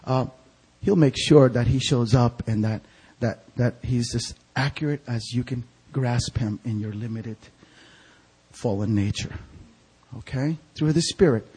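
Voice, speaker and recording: A man preaching a storytelling sermon as an evangelist, animated and acting out the voices of people in his stories. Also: mid-range voice, unhurried, breathy edge. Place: church sanctuary.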